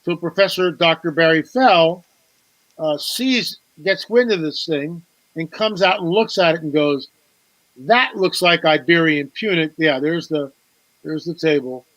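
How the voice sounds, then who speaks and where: A man's voice: on the high side, expressive, unhurried, a bit bright, no echo, low-quality recording. A man, a guest author on a talk show, telling a story with animation, repeating words and acting out quoted dialogue.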